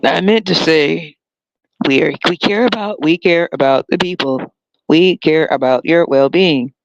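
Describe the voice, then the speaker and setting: A podcaster putting on a smug, scheming politician who makes empty promises in slow, mock-solemn speechifying. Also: mid-range voice, creaky, muffled recording, slight background noise. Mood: mock-earnest. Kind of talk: comic impression in a podcast rant.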